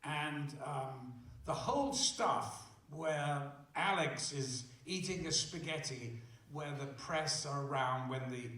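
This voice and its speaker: A man in his seventies telling amused, unhurried anecdotes as a guest at a theater Q&A. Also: fairly high pitch, fairly bright tone. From England. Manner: slow, amused storytelling. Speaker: guest actor. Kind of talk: stage Q&A anecdote. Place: theater auditorium. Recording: distant mic in echoey hall.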